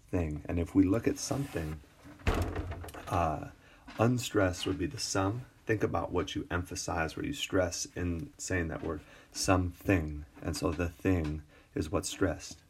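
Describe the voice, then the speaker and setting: A male English teacher talks through a recorded screencast lesson in a very low voice. He speaks slowly and casually, with many ums and restarts. A faint hiss sits under the tablet recording. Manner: relaxed, many fillers and restarts. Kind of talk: screencast lecture on poetry.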